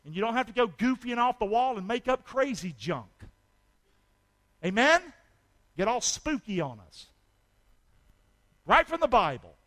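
A man preaching a sermon as pastor, calling for amens and swinging from loud shouts to hushed asides. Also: very high-pitched, big pitch swings, unhurried, pauses often.

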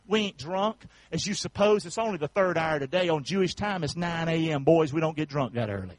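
A man preaches a sermon in a high, bright-pitched voice. He calls out to the congregation for answers and swells into shouts. The sound is dry and close. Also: expressive, brisk, few pauses, no room sound, poor audio. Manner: preachy call-and-response, rising to shouts. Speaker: pastor.

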